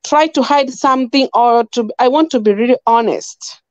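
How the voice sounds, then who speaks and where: A woman's voice: on the high side, normal speed, dry recording. A Kenyan woman giving her opinion in an interview, emphatic and repetitive, hammering her points home. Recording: dull lo-fi audio.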